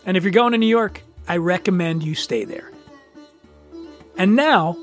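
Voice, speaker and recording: Podcast host, male, high-voiced, offhand host-read ad over faint music. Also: moderate pace.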